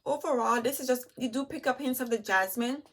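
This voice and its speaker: A woman reviewing perfumes in a chatty way, talking straight to her viewers. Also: high voice. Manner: chatty, enthusiastic, addresses viewers as "you guys"; lists notes while smelling, with pauses and restarts. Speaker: beauty vlogger.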